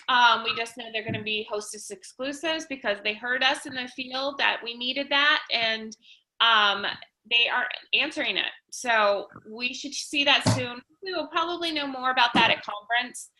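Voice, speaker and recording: A woman's voice: high-pitched, moderate pace, sharp tone, slight background noise, poor audio. A woman leading a casual livestream update for her sales team, enthusiastic and full of ums and restarts. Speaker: direct sales team leader.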